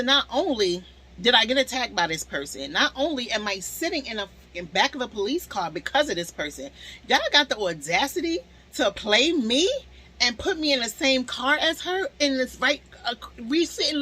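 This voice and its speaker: A young woman telling a storytime to her viewers in a casual, animated way, swearing freely. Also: fairly high pitch, normal speed, breathy edge, low-quality recording.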